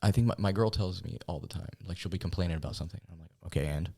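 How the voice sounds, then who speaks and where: A man's voice: low-pitched, rapid-fire, gravelly, darkish tone, breathy edge. A man who hosts a podcast, chatting casually and telling laid-back stories, acting out the voices of people he quotes. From Palestinian. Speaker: podcast host. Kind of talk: casual chat.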